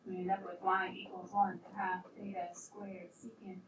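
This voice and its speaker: A woman teaching a calculus class, playful and lively, quizzing her students as she works through problems. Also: medium pitch, moderate pace, few pauses. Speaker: math teacher. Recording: roomy classroom, distant mic, faint noise.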